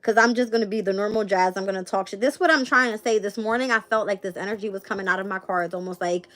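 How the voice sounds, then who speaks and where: A woman's voice: medium pitch, animated, fast talker, few pauses. Blunt, profane woman streamer. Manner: blunt and profane, with frequent laughs. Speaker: tarot reader and live-stream host. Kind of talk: casual live-stream chat and tarot reading.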